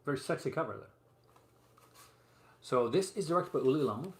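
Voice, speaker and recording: This guy's fairly high, expressive voice moves briskly as he runs a casual live stream at home, displaying physical media movie releases. His talk wanders, packed with fillers and asides. Roomy echo and faint background room noise come through on the recording.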